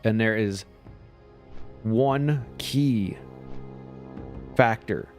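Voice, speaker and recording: Low-voiced guy rambling over a game stream, laughs a lot, soft music playing behind. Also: drawn-out words. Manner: rambling, chuckles often. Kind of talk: casual chat while playing a game. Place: home.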